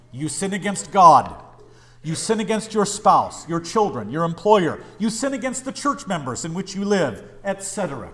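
Guy pastor preaching, high voice, big swings up and down, pleading. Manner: impassioned, pleading preaching with sharp rises and hushed drops. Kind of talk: sermon.

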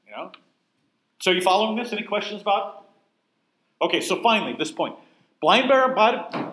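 A man's voice: high-pitched, animated, normal speed, fairly bright tone, reverberant, low-quality recording. A man teaching a Bible class in a conversational, emphatic way, often putting questions to his listeners. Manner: emphatic, asks the room questions.

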